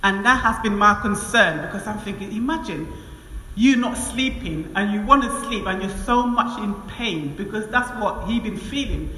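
A woman stands before a congregation sharing a testimony. She tells it in an animated way, laughing often and acting out both sides of conversations. Her bright voice rings through a large echoing hall with faint room noise behind it. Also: mid-range voice, normal speed. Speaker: church member giving testimony. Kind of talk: church testimony. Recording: echoey hall with long reverb.

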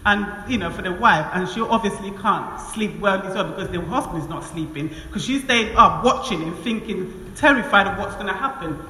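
A woman giving a church testimony, telling her story in an animated way, laughing often and acting out conversations. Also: medium pitch, a little fast, few pauses. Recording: echoey hall with long reverb.

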